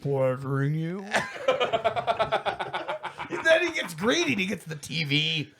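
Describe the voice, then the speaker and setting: A man's voice: high-pitched, big pitch swings, slow pace, gravelly, pushed and bright, slight background noise. A man co-hosting a podcast in casual chat, teasing his friends and chuckling. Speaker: podcast co-host.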